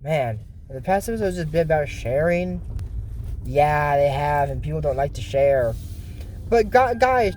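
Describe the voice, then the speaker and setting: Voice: mid-range voice, a little mellow, slight background noise. A cartoon episode reviewer giving casual, rambling reaction commentary, full of fillers and strong opinions.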